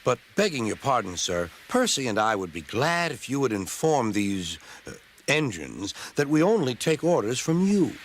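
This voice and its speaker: A man voicing a calm male engine who speaks in a polite, formal way. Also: medium pitch, moderate pace, slight background noise. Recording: background music.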